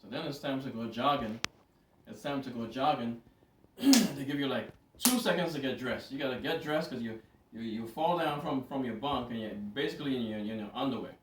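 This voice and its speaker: A man telling a story in a casual, animated way to a camera, repeating words for emphasis. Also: mid-range voice, brisk, noisy background. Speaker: vlogger. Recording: roomy, distant from mic.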